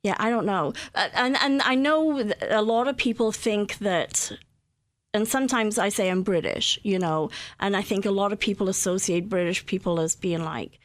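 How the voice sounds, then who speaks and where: A woman's voice: mid-range voice, moderate pace. A middle-aged woman from Wales with a Welsh accent, chatting as a guest in an interview, full of fillers and restarts. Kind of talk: conversational interview.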